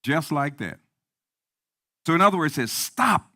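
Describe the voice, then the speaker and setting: A man preaching a sermon as pastor, repeating key lines and swinging from quiet talk to loud emphasis. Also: fairly high pitch, lively intonation, moderate pace, dry recording, studio quality.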